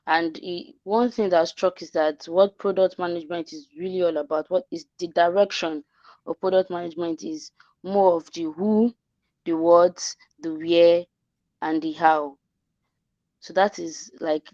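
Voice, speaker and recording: A woman's voice: on the low side, a little mellow, no room sound. A woman giving earnest closing remarks in an online class, summarizing with small restarts. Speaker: class coordinator. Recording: dry, dull online call audio.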